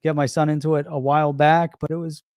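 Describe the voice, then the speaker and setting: A man's voice: on the high side, level tone, fast, a little mellow, dry recording, clean studio sound. A man co-hosting a casual livestream chat, conversational and full of fillers. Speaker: co-host.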